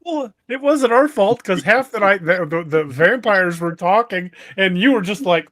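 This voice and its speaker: A man's voice: high voice, lively intonation, normal speed, a bit bright, no echo, studio quality. A man hosting a podcast, chatting casually and chuckling as he remembers a friend. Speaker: podcast host.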